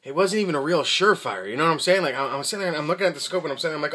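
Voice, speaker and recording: A man's voice: a little high, rapid-fire, pushed and bright. A man telling a casual, profane story to camera, talking animatedly and imitating the people he met, with frequent restarts. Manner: many restarts and fillers. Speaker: vlogger reviewing rifle gear.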